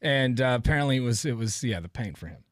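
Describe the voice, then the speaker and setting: A man's voice: medium pitch, animated, fast talker, no echo, clean studio sound. A man hosting a radio show, chatting casually in a rambling way with lots of fillers. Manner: rambling, filler-heavy delivery.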